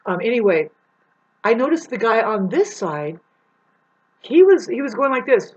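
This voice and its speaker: A woman's voice: fairly high pitch, sing-song, moderate pace, pauses often, muffled recording. A woman telling a rambling story in a casual monologue, swearing and acting out the people she describes. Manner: rambling, swears, acts out the people in her story with big voice swings.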